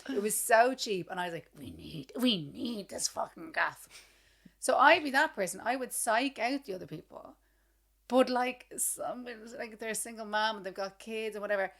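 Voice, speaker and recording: A woman's voice: on the high side, expressive, moderate pace, a bit bright. A woman with an Irish accent, co-hosting a podcast in casual chat, blunt and teasing and swearing freely. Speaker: podcast co-host.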